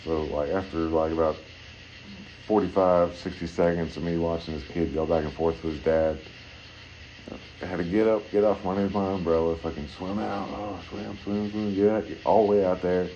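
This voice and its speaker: A man's voice: fairly even intonation, moderate pace, dark tone, slight background noise, rough recording. A man telling a long, rambling story in casual, profane chat. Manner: rambling, heavy swearing, acts out voices in high pitch.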